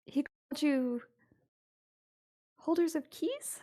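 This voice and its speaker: A woman voicing an elderly wife who is tearful and overjoyed, speaking in a high, breathless, emotional way. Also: animated, slow, dark tone. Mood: earnest.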